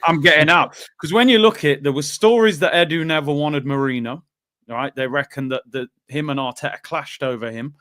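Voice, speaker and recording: A man's voice: a little high, brisk, pushed and bright, dry recording, studio quality. A man hosting a casual football chat, venting in exasperated rhetorical questions. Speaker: podcast host.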